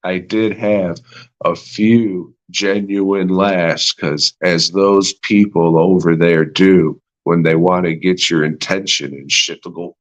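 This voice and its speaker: A man's voice: low voice, steady tone, a little slow, dull audio. A man hosting a podcast alone, rambling through a profane, sarcastic movie review and laughing at his own jokes. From United States. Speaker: podcast host. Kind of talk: solo movie review rant.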